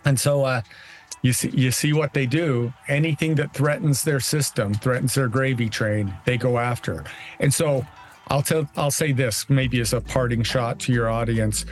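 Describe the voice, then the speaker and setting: An emphatic man talks as a guest legislator, pressing his points with energy. His voice sits at a mid pitch and he restarts words as he pushes ahead. Faint music plays behind him. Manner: emphatic, rallying, quick restarts. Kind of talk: political interview.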